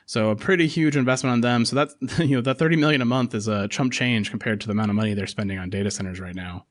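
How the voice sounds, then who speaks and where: A man hosting a casual tech podcast, chatty and full of fillers. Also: mid-range voice. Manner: quick, chatty delivery with frequent fillers. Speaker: podcast host.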